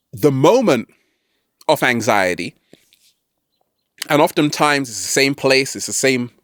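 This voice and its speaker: A man talks straight to camera in a lively, bouncing voice that sits a little high for a man, giving a motivational self-help talk. He keeps tossing in "right?" and playful catchphrase asides. The sound is dry and close, with no room around it. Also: no room sound. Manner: animated, playful, constantly asks "right?"; throws in jokey catchphrase asides. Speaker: self-help video host.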